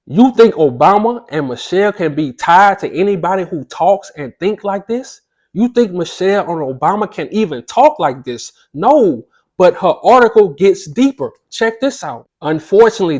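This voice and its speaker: A man's voice: high-pitched, lively intonation, normal speed, darkish tone. A man reading passages aloud and then breaking into impassioned, emphatic commentary full of rhetorical questions. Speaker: commentary channel host.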